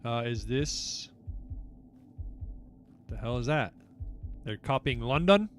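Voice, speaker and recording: Animated male streamer talking to himself. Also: medium pitch, slow pace, a little hiss or hum. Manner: animated, self-mocking, blurts at misses. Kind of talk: live game commentary.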